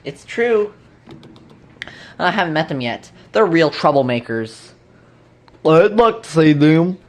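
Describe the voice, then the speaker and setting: A woman casually acting out a play with toy bird figures, in a playful, lively manner. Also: low voice, slow pace.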